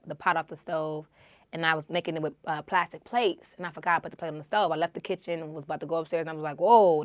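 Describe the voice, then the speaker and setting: Animated woman host in a dry room. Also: deep voice, no room sound. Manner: animated storytelling with quoted asides. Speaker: podcast host. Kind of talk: casual conversation.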